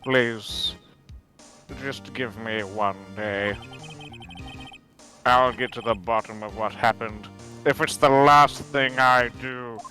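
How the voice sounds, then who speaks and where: A man's voice: medium pitch, steady tone, slow, long pauses, bright, forceful tone, faint music behind. A man voicing a proud young male prosecutor in a live fan dub of a game, formal and apologetic.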